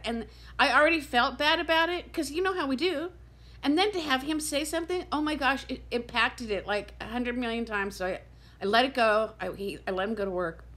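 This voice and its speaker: A woman in her fifties chats candidly to her camera in a casual vlog, her voice sitting a little high. She sounds tired and close to tears, but she keeps talking openly and frankly. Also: bright, forceful tone. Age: 50s. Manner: candid, chatty, emotional, near tears. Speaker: vlogger.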